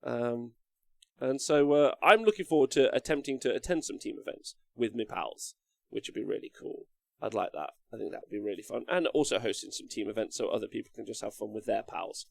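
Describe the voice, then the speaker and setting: A man's voice: medium pitch, fairly quick, vocal fry, dry recording. A man hosting a live stream, rambling casually through viewer comments and swearing now and then. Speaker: live-stream host reading chat.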